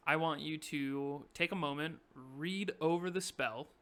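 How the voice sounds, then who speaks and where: A man's voice: a little high, a little slow, a bit bright. A young man narrating a tabletop game as game master, casual and joking, laughing often.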